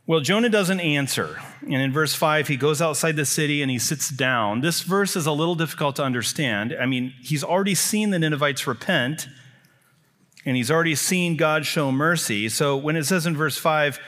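A male preacher delivers a sermon in a voice pitched a little above most men. He talks emphatically and stacks repeated phrases to drive each point home. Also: moderate pace, a bit bright.

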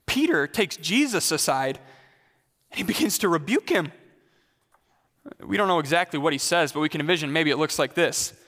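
A man's voice: on the high side, expressive, moderate pace, pauses often, a bit bright, long reverb tail. A male pastor preaching a sermon in a conversational way, putting questions straight to the congregation.

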